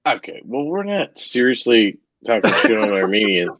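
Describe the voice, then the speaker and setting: A man's voice: lowish voice, sing-song, moderate pace, a bit bright, dull audio. A man chatting loosely on a podcast, joking and swearing as he talks. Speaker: podcast co-host. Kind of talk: casual podcast chat.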